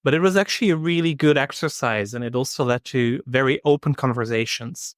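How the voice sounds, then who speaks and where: A man co-hosting a podcast, talking in a calm, measured way with dry humor. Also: medium pitch, clear, resonant tone, no room sound. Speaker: podcast co-host. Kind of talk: casual chat.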